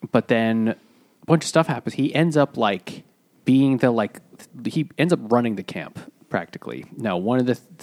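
A man's voice: fairly low pitch, vocal fry, a little mellow, no echo. A man co-hosting a casual book podcast, talking hesitantly with many fillers. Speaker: podcast co-host. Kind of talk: casual chat.

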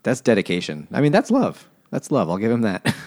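Low-voiced man with dry jokes. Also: wildly swooping pitch, fairly quick, a little mellow. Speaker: podcast co-host. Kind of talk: casual chat.

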